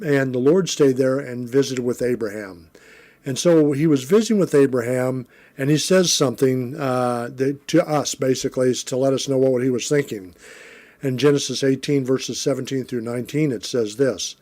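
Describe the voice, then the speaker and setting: Mellow-voiced man teaching a Bible lesson. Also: medium pitch, moderate pace. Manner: relaxed, conversational, frequent fillers and self-corrections. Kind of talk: Bible lesson, reading and explaining scripture.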